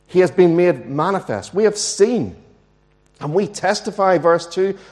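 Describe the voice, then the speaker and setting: A man preaching a sermon in a church, earnest and emphatic, slowing down to stress key words. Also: high voice, a little mellow. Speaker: pastor.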